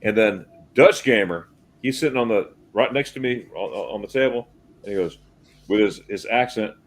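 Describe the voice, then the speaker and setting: A man's voice: fairly low pitch, normal speed. A male host animatedly telling a story in a casual group video chat.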